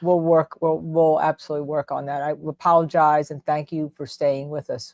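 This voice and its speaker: Live-stream host, woman, New Jersey accent, fired-up and tripping over her words, lowish voice. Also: flat delivery, moderate pace, hardly any pauses, darkish tone, no room sound. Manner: indignant, stumbling restarts. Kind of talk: live legal commentary.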